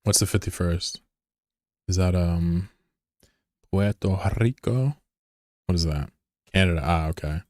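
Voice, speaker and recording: A man's voice: low voice, measured pace, long pauses, a little mellow, no room sound, clean studio sound. A man leading an online game fleet on a live stream, talking casually in a rambling, joking way with plenty of swearing into his desk mic. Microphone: desk microphone.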